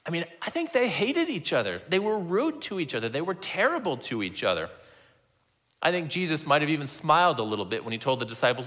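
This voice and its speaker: A man's voice: a little high, big pitch swings, brisk, pushed and bright. A man preaching a conversational sermon that reads scripture and acts out its dialogue, often repeating words as he restarts a thought. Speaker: pastor.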